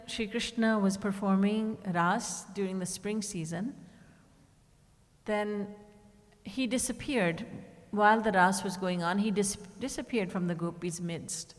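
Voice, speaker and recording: A woman's voice: mid-range voice, a little slow, big-room sound. A woman spiritual teacher giving a devotional discourse, telling stories and acting out the characters' words. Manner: storytelling, quoting characters with shifts in tone. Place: retreat hall.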